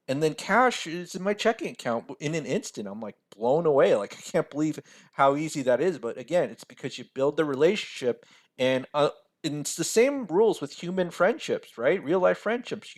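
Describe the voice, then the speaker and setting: A man teaching a personal finance lesson over a screen share. He talks casually, keeps checking in with "right?" and laughs at himself now and then. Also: a little high. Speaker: financial mentor.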